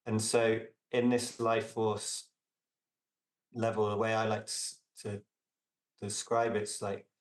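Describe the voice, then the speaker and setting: A man talking as a podcast guest in casual reflective conversation, meandering with many fillers and restarts and trailing off softly. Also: lowish voice, level tone, slow pace, echoey room, recorded from a distance. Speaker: podcast guest, relational coach.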